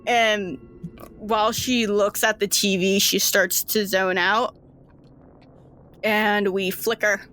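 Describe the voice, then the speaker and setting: Slow-talking woman game master. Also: mid-range voice, flat delivery, a bit bright. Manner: rambling, filler-heavy. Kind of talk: narrating a tabletop game.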